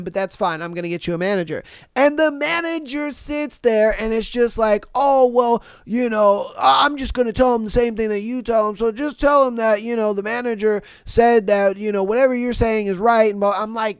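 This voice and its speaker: Profane, animated podcast host. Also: male voice, extremely high pitch, clean tone, dry recording. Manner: profane, animated storytelling with bursts of yelling. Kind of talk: reading a story and ranting.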